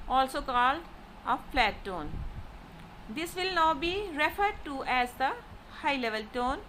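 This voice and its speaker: A woman teaches a recorded lesson at a very slow pace with a high voice, repeating drawn-out model syllables. Faint noise sits under her voice. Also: pushed and bright, low-quality recording. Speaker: language teacher.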